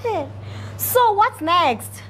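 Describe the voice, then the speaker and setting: A woman's voice: extremely high pitch, animated, drawn-out words, fairly bright tone. A woman playing a restaurant customer in a scripted skit, talking in an emotional, pleading way. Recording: noisy background.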